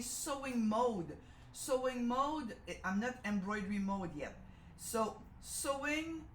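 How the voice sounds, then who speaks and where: In an echoey room with a little hiss or hum, a woman demonstrates a sewing machine live. French is her first language and she has a Canadian French accent; her mid-range voice is chatty, she corrects herself, and she keeps asking "okay?".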